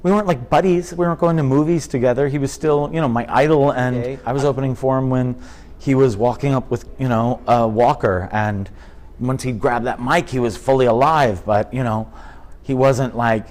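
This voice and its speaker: A man in his fifties, a comedian chatting in an interview, telling animated stories and slipping into impressions. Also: mid-range voice, moderate pace. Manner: animated storyteller, drops into impressions. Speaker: comedian guest. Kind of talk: casual interview chat.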